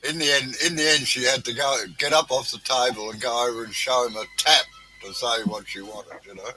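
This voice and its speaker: A man's voice: mid-range voice, steady tone, a little fast, pushed and bright, faint music behind, rough recording. A man hosting a casual woodworking chat on a video call, bantering with dry jokes. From Australia.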